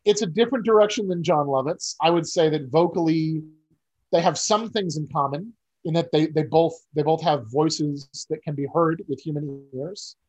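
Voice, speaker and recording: A man's voice: fairly high pitch, normal speed, darkish tone, low-quality recording. A man co-hosting a podcast in casual chat, rambling and wry, often interrupting himself. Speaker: podcast co-host.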